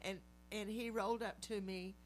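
A middle-aged woman preaching a testimony sermon, animated storytelling that acts out the voices she quotes. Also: medium pitch, normal speed, soft background music. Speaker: lay preacher.

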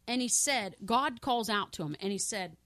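Fervent woman preacher, high dry voice. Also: animated, moderate pace, no echo. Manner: fervent, repetitive, addresses listeners as saints; swings from loud exclamations to soft pleading prayer. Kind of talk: sermon.

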